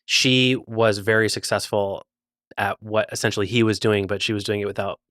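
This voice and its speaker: A man's voice: fairly low pitch, little pitch movement, moderate pace, fairly bright tone, dry recording, studio quality. A man co-hosting a casual TV recap chat, laid-back and blunt, swearing now and then. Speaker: podcast co-host.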